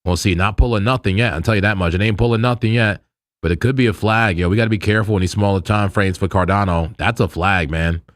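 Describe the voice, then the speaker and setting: A man's voice: fairly low pitch, fast, no echo, clean studio sound. A man hosting a crypto trading livestream, chatting loosely with viewers in slang, repeating himself and laughing often. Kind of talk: casual live-stream chat with viewers.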